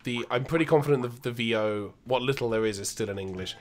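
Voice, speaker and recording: A man's voice: mid-range voice, fast, soft background music. Rambling male co-host talking retro games. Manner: rambling, knowledgeable, many restarts. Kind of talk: casual gameplay commentary.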